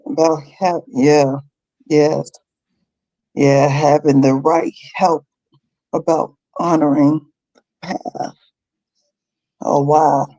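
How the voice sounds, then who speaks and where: A woman's voice: low voice, little pitch movement, mellow, low-quality recording. A young adult woman sharing personal experiences as a guest on her mother's live talk. She rambles and halts, restarting her sentences often. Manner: rambling, halting, many restarts. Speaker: guest, host's adult daughter.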